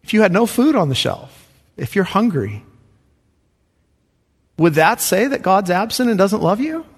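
A male pastor delivers a sermon in a fairly high voice. He preaches emphatically, pushing his voice up loud and then sinking to a near hush. The sound rings with the long reverb of a large church hall. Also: big pitch swings, measured pace, slightly rough. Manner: emphatic, swinging from loud rises to hushed drops.

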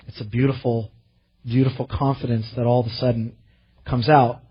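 A pastor preaching a sermon in an earnest way, rising to impassioned readings of scripture. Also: male voice, medium pitch, little pitch movement, moderate pace, slightly rough, lo-fi sound.

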